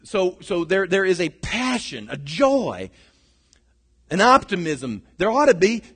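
A middle-aged pastor delivers a sermon in a high, lifted voice. He swings between shouted bursts and quiet, hushed asides. The sound carries the long echo of a large sanctuary. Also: very animated, a little slow, breathy edge. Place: church sanctuary. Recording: long reverb of a large hall.

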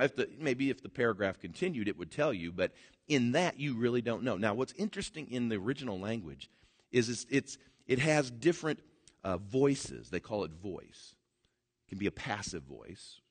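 A man preaching a sermon, animated, swinging between loud emphatic bursts and quiet, drawn-out words. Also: medium pitch. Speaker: pastor.

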